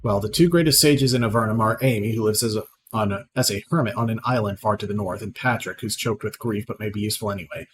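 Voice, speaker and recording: A man reading out the lines of a proud, scornful female sorceress in a video game, plainly and with small slips, over clear background noise. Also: on the low side, quick pace, hardly any pauses, a bit bright, close to an everyday voice, rough recording.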